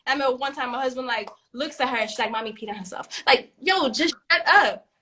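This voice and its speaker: Animated, bright-voiced woman, casual and swearing. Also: high-pitched, fast talker. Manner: animated, swears freely, laughs often. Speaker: podcast co-host. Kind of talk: casual chat.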